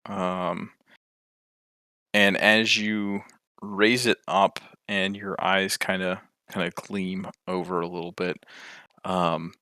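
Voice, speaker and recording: Deep, bright-toned game master man. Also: level tone, takes it slowly, clear, resonant tone, no room sound, clean studio sound. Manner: hesitant, full of ums. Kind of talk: narrating a tabletop game.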